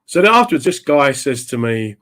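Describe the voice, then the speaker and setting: Man telling comic stories, lively. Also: mid-range voice, brisk. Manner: animated, slips into voices of the people in his stories. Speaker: stand-up comedian guest.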